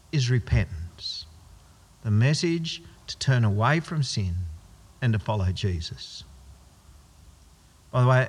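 A man's voice: fairly high pitch, slightly rough. A man preaching a sermon as pastor, emphatic and posing rhetorical questions he answers himself. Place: church. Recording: long church hall reverb.

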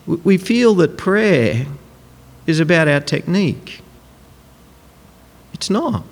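A man delivers a sermon, talking to his listeners in a conversational but emphatic way and acting out quotes now and then. His voice sits a little on the high side. The sound rings with the long reverb of a large hall. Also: sing-song, slow pace. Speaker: preacher.

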